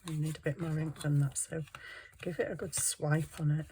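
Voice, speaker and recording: Woman, low voice, chatty and self-mocking, crafting at home with faint background noise. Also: level tone, moderate pace, dark tone, low-quality recording. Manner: chatty, self-deprecating, talking to herself while working. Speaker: junk journal crafter. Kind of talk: casual craft tutorial chat.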